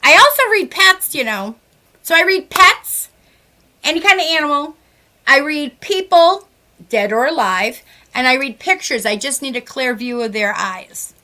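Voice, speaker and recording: Her voice is high and animated, her pace unhurried. A middle-aged psychic medium with a Massachusetts accent, she gives readings in relaxed radio conversation, storytelling warmly and chattily with plenty of "like."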